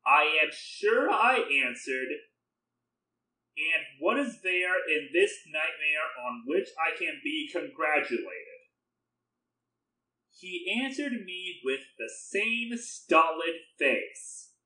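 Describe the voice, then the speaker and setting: A man reading a classic mystery story aloud in measured narration, voicing the dialogue. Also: on the high side, animated, sharp tone. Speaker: audiobook reader. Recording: roomy echo.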